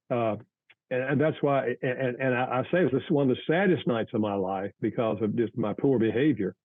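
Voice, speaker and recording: An older man, a guest author, earnestly telling a family story in an interview, with halting restarts. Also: mid-range voice, husky, no echo, phone-quality sound.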